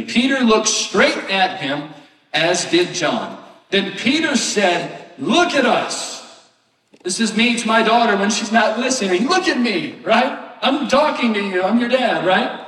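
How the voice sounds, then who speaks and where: A man's voice: sits high, a bit bright, far from the mic. A man preaching a sermon as pastor, talking conversationally and often asking "right?". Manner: conversational preaching with rhetorical questions. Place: church sanctuary. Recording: echoey hall, voice from afar.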